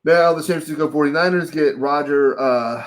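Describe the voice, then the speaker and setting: A man's voice: a little high, brisk. A man from Texas hosting a casual sports podcast, talking loosely with lots of swearing and rambling asides. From Dallas, Texas. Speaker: podcast host.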